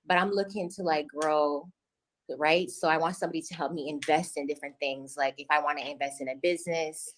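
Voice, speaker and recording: A woman's voice: sits low, fairly even intonation, fairly quick, poor audio. A woman answering questions in casual conversation, hesitant and filling her speech with "like". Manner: hesitant, fills with "like".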